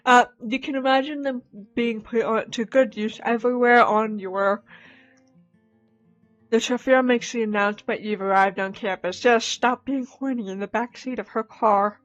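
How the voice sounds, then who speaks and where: A woman's voice: a little high, steady tone, moderate pace. A young woman streamer reading a dating game aloud, cutting in with wry, joking asides. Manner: wry, laughing asides between narration. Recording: slightly dull mic, soft game music.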